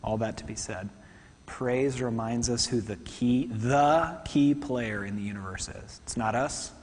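A man preaching a sermon to a congregation, talking fast and conversationally with asides. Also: medium pitch, darkish tone, slightly rough, big-room sound. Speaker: pastor. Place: church hall.

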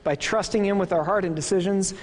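A man's voice: high-pitched, a little fast. A man in his thirties with a Midwestern accent, preaching a sermon in an earnest, conversational way and asking the congregation questions. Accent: Midwestern American. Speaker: pastor. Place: church hall. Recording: long reverb of a church hall.

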